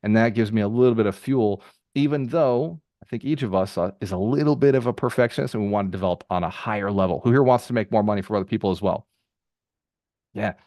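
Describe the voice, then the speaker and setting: A lower-pitched man talks fast and energetically, coaching a group call like a motivational mentor. He piles up repeated phrases as he drives his points home. The sound is dry and close to the mic. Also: no echo. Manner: energetic, conversational, rapid-fire with repeated phrases. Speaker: real estate mentor hosting a group call. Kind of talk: motivational talk to a live call.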